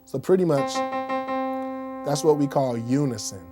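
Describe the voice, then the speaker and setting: A man with a mid-range voice speaks a little slowly while giving a casual music lesson. He talks conversationally, demonstrates on a keyboard as he explains, and keeps checking in with "okay?" and "right?".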